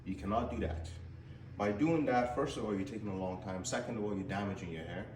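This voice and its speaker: A man's voice: on the low side, fast, a little mellow, slight background noise. A male hair stylist in a salon giving a casual how-to demonstration, speaking in an instructive way and often repeating his words. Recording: echoey salon room, faint ambience.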